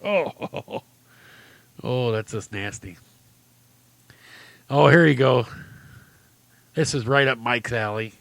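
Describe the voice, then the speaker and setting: A man's voice: medium pitch, slow, vocal fry, long pauses, fairly bright tone, dry recording. A man hosting a casual talk-radio show, reading odd stories aloud, chuckling often and rambling loosely.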